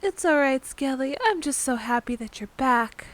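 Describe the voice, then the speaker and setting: A woman voicing a gentle, fussing elderly grandmother who dotes on her grandson. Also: high voice, lively intonation, moderate pace. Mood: doting.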